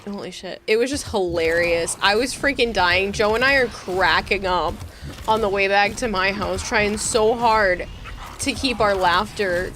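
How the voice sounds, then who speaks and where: A woman streaming a game, chatting casually and telling animated stories with lots of laughter. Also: medium pitch, a little slow, slight background noise. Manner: giggly, animated storyteller. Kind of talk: casual chat while gaming.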